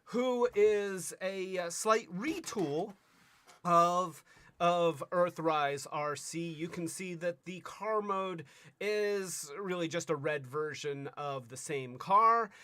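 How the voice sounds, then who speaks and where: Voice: mid-range voice, takes it slowly, pushed and bright, smooth. A livestream host casually reviewing toys, rambling with stammering restarts and playful asides. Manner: bursts into silly sing-song jingles.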